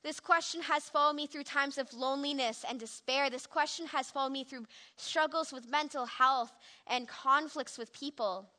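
A woman's voice: high-pitched, moderate pace, few pauses, bright, forceful tone. A young woman giving an earnest, reflective personal testimony in the style of a sermon. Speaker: speaker giving a devotional.

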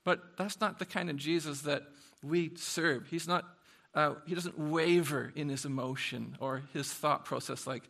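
A man preaching a sermon in an animated, conversational way, swinging from soft asides to loud bursts. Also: fairly high pitch, a little slow, creaky. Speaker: pastor.

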